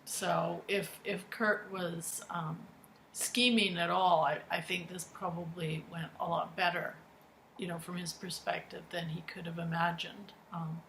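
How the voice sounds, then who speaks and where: A woman's voice: on the low side, flat delivery, measured pace, a bit bright, a little hiss or hum, low-quality recording. A woman co-hosting a podcast, casually and thoughtfully sharing her opinions on soap-opera episodes. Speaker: podcast co-host. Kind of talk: casual commentary.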